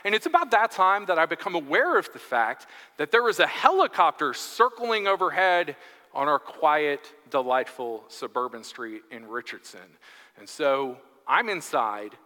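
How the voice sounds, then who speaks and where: A guest preacher in his thirties tells his congregation a funny story in a chatty, self-deprecating humorous sermon. His slightly high voice is bright and lively, and it echoes at length through the church sanctuary.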